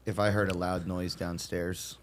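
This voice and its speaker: A man co-hosting a podcast in casual chat, giving short replies and deadpan jokes. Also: low voice, moderate pace. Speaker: podcast co-host.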